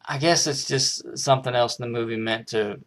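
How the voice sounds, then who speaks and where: A man's voice: mid-range voice, steady tone, normal speed, a bit bright. A man casually reviewing a film, rambling with frequent restarts and hesitations.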